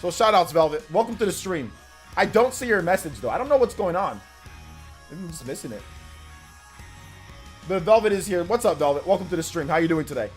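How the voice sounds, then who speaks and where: A man hosts a laid-back gaming live stream, excitable and repetitive, laughing at himself as he goes. His voice sits high.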